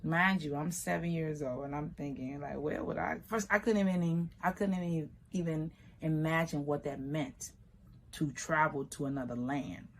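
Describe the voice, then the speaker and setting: A woman from Liberia with a notably low voice tells a personal story. She speaks in an unhurried, reflective way and now and then lifts into quoted voices. Faint background noise sits under the recording. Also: fairly even intonation.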